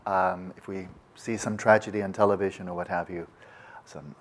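Low-voiced man giving a meditation talk. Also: fairly even intonation, normal speed. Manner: thoughtful, with frequent restarts; acts out quoted voices. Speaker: meditation teacher. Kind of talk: reflective dharma talk.

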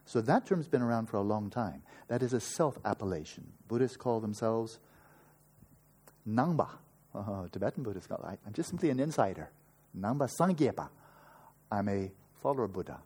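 A man's voice: lowish voice, very animated, moderate pace, darkish tone, breathy edge. Emphatic man giving a dharma lecture. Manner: emphatic and opinionated, with sarcastic asides. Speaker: meditation teacher. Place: retreat session.

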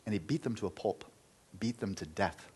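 A man's voice: on the low side, moderate pace, a little mellow, husky, low-quality recording. A man, a meditation teacher, telling a story vividly and dramatically during a spiritual talk.

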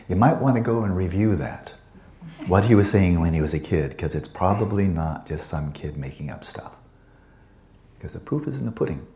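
A man with a deep, mellow voice gives a loose, conversational dharma talk. He wanders into playful asides and circles back to his point. The sound carries in a roomy, echoey space. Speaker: Buddhist teacher.

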